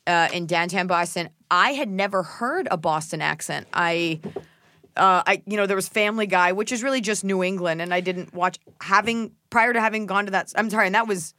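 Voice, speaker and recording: A young woman from Texas, co-hosting a casual chat, quick and jokey with rambling restarts. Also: medium pitch, sharp tone. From Texas, USA. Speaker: co-host, actress.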